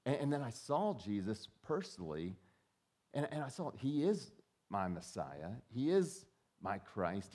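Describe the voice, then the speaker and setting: A man's voice: medium pitch, darkish tone. Conversational male pastor preaching. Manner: conversational, repeats words when starting a thought; acts out quoted voices. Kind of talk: sermon.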